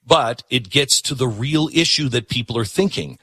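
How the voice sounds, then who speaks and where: A man's voice: mid-range voice, moderate pace, bright, forceful tone, husky, no echo. A man hosting a talk show, delivering an opinionated, emphatic monologue that repeats words for punch.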